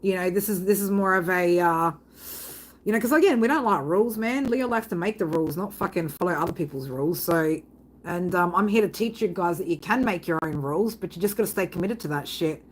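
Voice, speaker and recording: A woman's voice: fairly low pitch, a little fast, poor audio. A woman hosting a live tarot reading stream, chatting casually with viewers, swearing constantly and often asking "right?". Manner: breaks into loud laughter reading chat comments.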